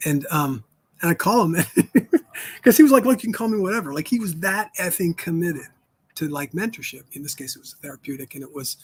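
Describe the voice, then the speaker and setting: A man's voice: fairly high pitch, lively intonation, normal speed, slightly rough. A man in his fifties hosting a live stream, talking candidly and telling stories in which he quotes other people. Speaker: host.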